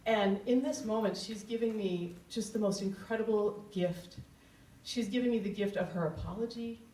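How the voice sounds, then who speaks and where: A woman's voice: mid-range voice, moderate pace, warm tone, a little hiss or hum. Earnest, candid woman storyteller on a live stage, roomy room, mic at a distance, faint ambience.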